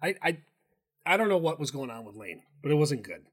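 A man talks sports betting in loose, rambling fashion, cursing freely and restarting his sentences. His voice sits a touch higher than most men's. It is an easy, casual co-host delivery. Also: sing-song, brisk, breathy edge. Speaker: podcast co-host.

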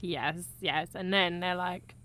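A woman's voice: fairly low pitch, slow pace, a little hiss or hum. A woman co-hosting a podcast, chatting casually about a film and laughing often. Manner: laughs often, relaxed and drawn out. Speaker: podcast co-host.

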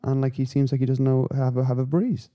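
A man hosting a podcast, rambling through casual, sweary, animated rants. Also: mid-range voice, fairly quick. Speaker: podcast host. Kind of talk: casual chat.

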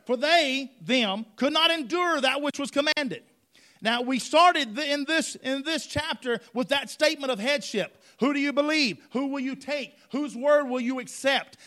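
Male preacher, very high and bright voice, emphatic and repetitive, church sermon. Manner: emphatic, repeats phrases, asks congregation for response.

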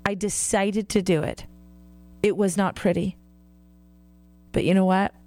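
A woman's voice: mid-range voice, fairly even intonation, a little slow, dark tone. A woman hosting a faith-based radio show, talking earnestly and encouragingly, with frequent laughs.

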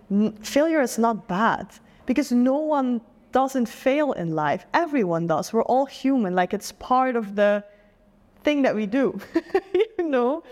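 A woman's voice: a little high, a little mellow, long reverb tail. A young adult woman from the Netherlands with a Dutch accent, a guest in a casual interview chat who talks earnestly and reflectively, often saying "like".

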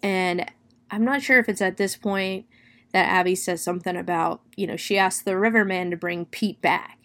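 A woman's voice: fairly low pitch, normal speed. A woman reviewing a book, casually retelling a grim plot with lots of "like" and "you know.". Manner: chatty, with many "like" and "you know" fillers; expressive, dwelling on gory detail.

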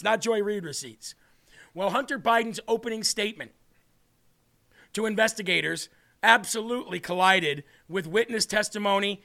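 A man's voice: sits high, creaky, sharp tone. A male political talk show host giving sarcastic, mocking commentary with frequent laughter. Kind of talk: opinionated commentary.

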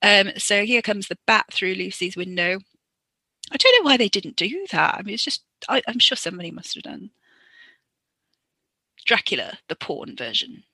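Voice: mid-range voice, animated, moderate pace, pauses often, sharp tone, breathy edge, dry recording. A podcaster giving chatty, joking improvised commentary over an old film. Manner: chatty, joking, many fillers.

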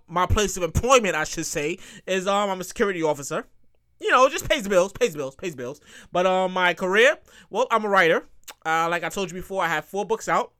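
A man hosting his own podcast at night, talking in a loud, projected radio voice and rambling with restarts. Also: sits high, clean tone. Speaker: podcast host. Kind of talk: casual solo podcast talk.

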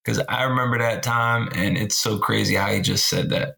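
A man co-hosting a casual podcast chat, telling stories in an animated, slangy way and laughing often. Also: on the low side, normal speed, vocal fry. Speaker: podcast co-host.

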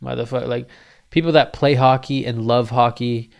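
A man's voice: mid-range voice, steady tone, moderate pace. A young man hosting a podcast, telling a loose, profane comic story with lots of restarts.

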